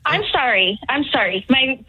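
A woman's voice: high-pitched, lively intonation, moderate pace, breathy edge, muffled recording. A woman calling in to a radio show by phone, out of breath, sheepish and hesitant with laughter. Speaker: caller.

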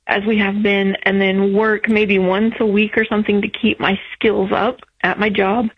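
Female caller, halting, husky, dull lo-fi phone sound. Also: mid-range voice, no room sound. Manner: emotional, halting, many restarts. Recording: muffled phone line.

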